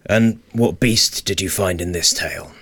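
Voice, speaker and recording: Man voicing skeptical library coworker, dry, patient, very low, husky. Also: measured pace, a bit bright, full character voice. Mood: wry. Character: weary, skeptical male library colleague. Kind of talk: audio drama dialogue.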